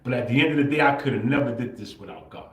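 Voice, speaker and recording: Over a roomy echo, a man livestreams a casual monologue straight to his audience at a very fast clip and medium pitch. Swearing comes easily to him, he laughs frequently, and he ends lines with "bro" or "right?".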